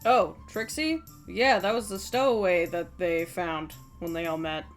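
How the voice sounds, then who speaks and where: Woman doing a casual, dismissive townswoman NPC; slow and offhand. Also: lowish voice, faint music behind.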